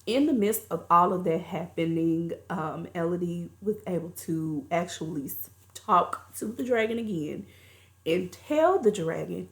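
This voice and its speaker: A woman's voice: on the low side, expressive, measured pace. A woman reviewing a movie, recapping the plot in a chatty, colloquial storytelling way.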